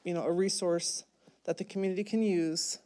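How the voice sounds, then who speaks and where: A woman giving a public comment at a city planning meeting, earnest and halting, repeating words as she goes. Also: fairly low pitch, steady tone, warm tone, slight background noise.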